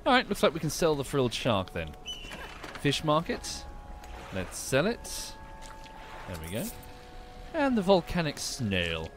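A man's voice: on the high side, huge pitch swings, measured pace, pauses often, background noise. A man streaming a game, talking casually and wryly, with the odd curse. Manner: chatty, wry, swears casually. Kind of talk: casual gameplay commentary.

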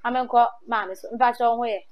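A Ghanaian woman interviewing contestants for a talent show. She repeats their answers back in a lively way and mixes English into her talk. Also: a little high, fairly quick, dull audio.

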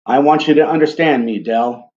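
A man reading a quiet young husband. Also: on the high side, normal speed, muffled recording, lightly acted. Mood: tender.

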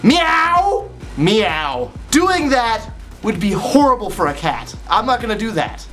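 A man's voice: sits high, sing-song, slow pace, over music, full character voice. A young man playing a fussy talking cat, meowing. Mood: playful. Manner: mock-earnest, meowing. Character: silly pet cat refusing dares.

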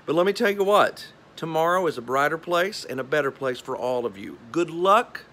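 A man's voice: on the high side, lively intonation, normal speed, sharp tone, slight background noise. A television meteorologist with a Southern drawl gives a folksy, joking video message from his home garage.

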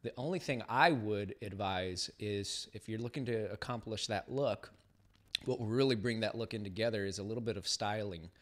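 A man's voice: lowish voice, moderate pace. A man co-hosting a live-stream podcast, giving beard styling advice in a laid-back, slangy way with many filler words. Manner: laid-back, slangy, many 'uh's, laughs at own slips.

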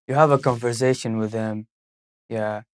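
A young man, a university student, speaking halting non-native English with frequent restarts in a casual interview. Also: medium pitch, fairly even intonation, no echo, studio quality.

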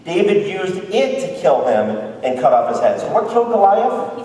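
Man preaching, high voice, playful, asks the crowd questions, booming reverb, long hall echo. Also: sing-song, moderate pace, warm tone. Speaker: missionary preacher. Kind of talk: lively sermon, retelling a Bible story. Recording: very echoey hall, voice from far off.

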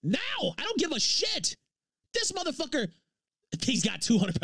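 A man with a high, swooping voice rants on a livestream. He curses heavily and gets worked up, with dry, close sound and no room around him. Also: huge pitch swings, normal speed, vocal fry, sharp tone, no echo. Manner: profane, heated, laughs between lines. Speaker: livestream host. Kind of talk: angry livestream rant.

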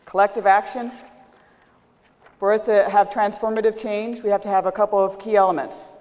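A woman giving a public lecture, animated and speaking directly to the audience. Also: medium pitch, normal speed. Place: lecture hall. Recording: long hall reverb.

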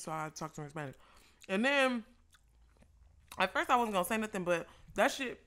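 Young woman chatting storytime while she eats, bright sharp voice, cusses a lot and laughs. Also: a little high, fairly quick, a little hiss or hum. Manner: animated, profane, laughs often. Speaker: vlogger. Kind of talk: casual storytime while eating.

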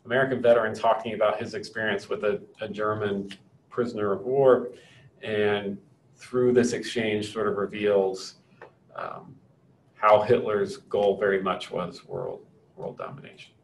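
A man's voice: lowish voice, unhurried, vocal fry, slight background noise. A man teaching a history lecture in a conversational way, often checking in with "right?". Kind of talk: classroom lecture. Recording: distant echoey room with faint ambience.

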